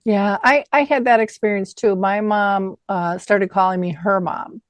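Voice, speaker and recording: Female interview host, mid-pitched, animated storyteller, dry room. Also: unhurried, no room sound. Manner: animated storyteller acting out quotes. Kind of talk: conversational interview.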